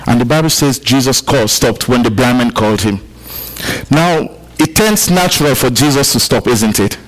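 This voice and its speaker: In a low-quality recording, an African pastor with a mid-range voice speaks at a moderate pace. During a church service he delivers a sermon, stressing his main points through repetition and talking directly with the congregation.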